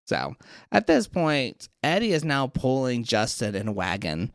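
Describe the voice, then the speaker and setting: A podcast co-host casually recapping a TV episode, telling the story in an animated way and acting out the lines. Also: medium pitch, measured pace, no echo, studio quality. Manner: animated storyteller, acts out quotes.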